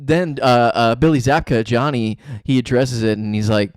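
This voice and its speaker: A man co-hosting a casual show review podcast. He is upbeat, agrees often and gets excited retelling scenes. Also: mid-range voice, smooth, dry recording. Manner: agreeable, enthusiastic, quick to laugh. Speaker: podcast co-host.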